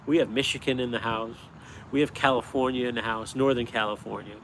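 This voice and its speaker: A man's voice: mid-range voice, a little fast, a little hiss or hum. Chatty upstate New York man, outdoors. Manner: animated storyteller, chuckles often. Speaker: cartoonist streaming live. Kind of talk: casual live-stream chat. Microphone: phone held vertically.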